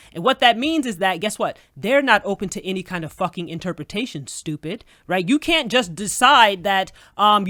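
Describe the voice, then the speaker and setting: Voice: medium pitch, pushed and bright, no echo, clean studio sound. A vlogger telling a personal story as a casual, indignant rant, swearing freely and talking straight to the viewers. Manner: profane, indignant, addresses viewers as y'all.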